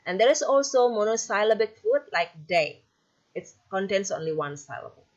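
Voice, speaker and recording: A woman's voice: mid-range voice, very animated, moderate pace, lo-fi sound. A woman teacher with an Indonesian accent, whose first language is Indonesian, explaining poetry patiently and tagging her sentences with "yeah". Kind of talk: recorded lecture on poetry.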